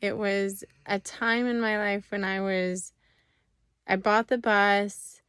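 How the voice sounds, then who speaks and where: Woman host, gentle and encouraging, talks slowly with a crisp, smooth tone. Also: medium pitch, fairly even intonation, no room sound, studio quality. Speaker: host introducing her video. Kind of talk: casual to-camera intro.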